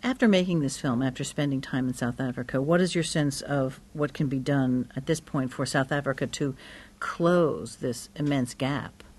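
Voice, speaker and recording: A woman's voice: very deep voice, normal speed, darkish tone, slightly rough. A woman hosting a broadcast interview, asking questions in an encouraging way. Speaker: radio interview host.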